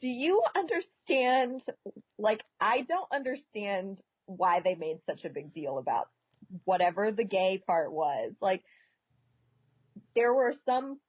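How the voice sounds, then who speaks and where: A woman's voice: medium pitch, very animated, takes it slowly, breathy edge, dry recording, dull audio. A woman, a podcast guest, chatting casually about a film in a talkative way, often saying "like". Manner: chatty, says "like" a lot and laughs often. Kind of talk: casual movie review chat.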